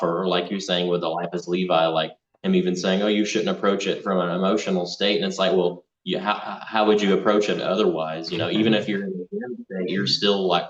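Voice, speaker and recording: A man talking as a guest in a casual conversation over a video call, rambling with many restarts. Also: low-pitched. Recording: distant echoey muffled call audio.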